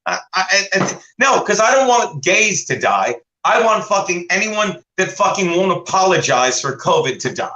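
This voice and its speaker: Rambling animated man with echoey sound. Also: high-pitched, normal speed, few pauses. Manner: rambling, animated storytelling with impressions. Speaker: co-host. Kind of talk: casual comedy talk.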